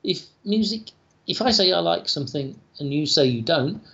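A British man speaks in a lively, swooping voice that rises and falls a lot. He is emphatic and expressive, often doubling back on his own words. The call audio sounds dull and lo-fi. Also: a little high, moderate pace, creaky, breathy edge. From Britain. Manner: expressive, emphatic, talks over himself in bursts. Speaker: music writer guest. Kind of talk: podcast interview over video call. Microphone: video call.

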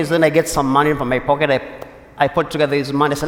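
Male priest, homily voice a bit high, loose storyteller pacing, reverberant church. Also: steady tone. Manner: conversational storytelling with pauses and restarts.

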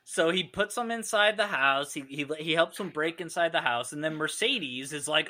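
A man chatting casually about a movie, rambling and animated as he retells scenes and acts out the lines. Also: fairly high pitch, moderate pace, hardly any pauses.

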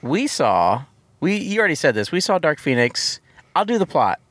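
A man's voice: a little high, very animated, moderate pace, a bit bright, no echo. A man hosting a movie podcast in casual chat, joking and laughing often as he talks. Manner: jokey, laughs often, trails off. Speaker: podcast host.

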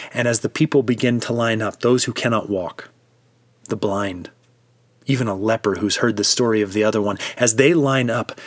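A male preacher tells a devotional story in a vivid, immersive way, inviting listeners into the scene. His voice sits at a middle pitch. The recording is dry and close. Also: dry recording.

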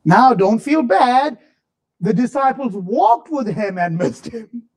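A man preaching a sermon, swinging between fervent shouts and low, drawn-out murmurs. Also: expressive.

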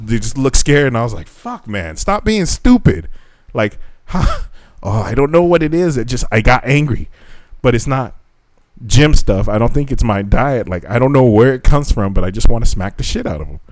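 A man co-hosting a casual podcast chat, rambling and swearing a lot, his voice jumping up when he gets worked up. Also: no room sound. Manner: heavy swearing, rambling with restarts; animated, voice jumps high when telling stories. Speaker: podcast co-host. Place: living in Japan.

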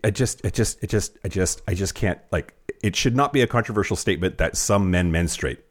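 He speaks low and fairly quickly, co-hosting a casual podcast. He jokes around, swears a lot and keeps restarting his sentences.

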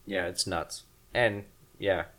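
A man co-hosting a casual podcast, low-key, reacting with short remarks. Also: steady tone, takes it slowly, crowd noise. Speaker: podcast co-host. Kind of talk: casual chat.

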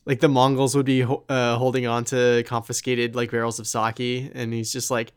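Man, podcast co-host, smooth voice, relaxed, agreeable, thinks aloud. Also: medium pitch, normal speed. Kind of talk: casual video game discussion.

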